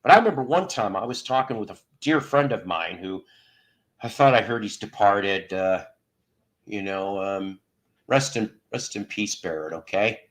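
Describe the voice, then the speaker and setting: A man's voice: fairly low pitch, lively intonation, moderate pace. A middle-aged man hosting a live stream, chatting casually and rambling through stories with frequent restarts. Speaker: host of a live stream show. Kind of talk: casual chat.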